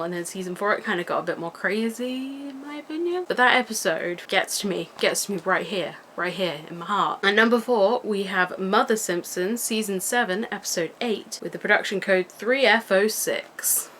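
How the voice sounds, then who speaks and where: A woman's voice: mid-range voice, fairly bright tone, a little hiss or hum. Gushing young woman rambling to camera. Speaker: vlogger. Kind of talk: casual rambling vlog chat. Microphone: camera mic.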